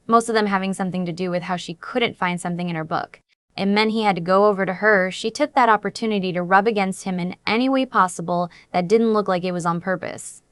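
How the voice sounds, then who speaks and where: A woman's voice: mid-range voice, fairly bright tone, no room sound. A woman reading a first-person romance story aloud in an earnest, dramatic storytelling manner. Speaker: audiobook narrator.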